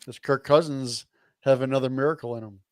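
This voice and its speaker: A man's voice: medium pitch, fairly even intonation, a little mellow, no room sound. Man reading out football matchups. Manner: reads matchups slowly then jokes. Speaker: podcast host. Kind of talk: casual group chat reading game picks.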